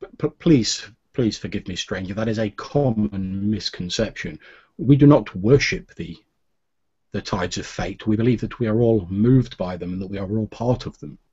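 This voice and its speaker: A grave, courteous masked worshipper of fate speaks quietly in a slightly foreign-sounding accent, as a man puts him on. The voice sits low and husky. The recording sounds a little dull. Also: normal speed. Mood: grave, polite. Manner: formal, soft-spoken.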